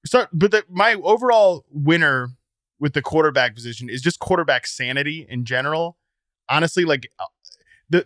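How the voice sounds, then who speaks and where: A man co-hosting a sports podcast, talking casually in an animated, joking way. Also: mid-range voice, dry recording, clean studio sound. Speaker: podcast co-host.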